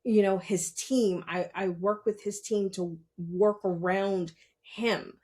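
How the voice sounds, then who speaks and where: A woman's voice: mid-range voice, fairly even intonation, slow, warm tone. A middle-aged woman talking casually on a podcast as a parent, earnest and repeating her points for emphasis. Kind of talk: casual talk.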